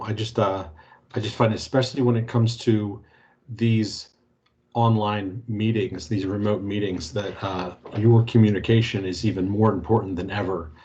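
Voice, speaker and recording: A man moderating a corporate training webinar over a video call, easygoing and halting, with many fillers. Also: on the low side, a little mellow. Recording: muffled video-call audio.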